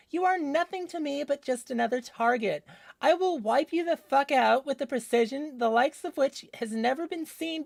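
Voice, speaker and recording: A man voicing a furious young woman, high-pitched and crackling with heavy fry, spitting vulgar threats. The sound is dry and close, with no room around it. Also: no room sound. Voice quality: vocal fry.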